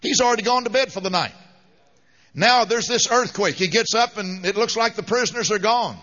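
A male preacher with a high, bright, forceful voice gives an emphatic, fervent sermon. The sound is dull and lo-fi, with a long reverb trailing behind him as if in a large hall. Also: brisk.

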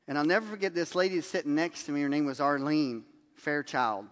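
A man's voice: on the high side, brisk, long reverb tail. A man preaching a sermon, telling stories and acting out the lines people said in them. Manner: animated storytelling, acts out quotes with laughs. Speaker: pastor.

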